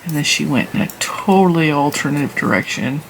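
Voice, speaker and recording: A woman's voice: deep voice, animated, brisk, creaky, a little hiss or hum, rough recording. A woman hosting a knitting channel, chatting casually and rambling off on tangents as she reviews yarn while she knits. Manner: chatty, rambling, laughs at herself. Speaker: knitting and crochet channel host.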